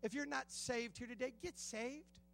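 A man with a Southern US accent preaching a sermon in a church, telling personal stories, swinging from hushed tones to loud bursts and laughing often. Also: very high-pitched, moderate pace, gravelly, soft background music. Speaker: guest preaching pastor. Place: church sanctuary.

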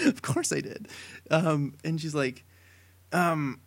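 A young man co-hosting a casual podcast, telling a long story with many fillers that builds to excited shouting. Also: on the high side, slow pace, long pauses, breathy edge. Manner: rambling tall tale, building to excited shouting. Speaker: podcast co-host.

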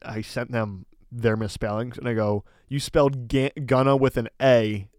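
A man co-hosting a podcast, telling a story in a casual, animated way with lots of filler words. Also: medium pitch, moderate pace, smooth, dry recording, clean studio sound. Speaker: podcast co-host.

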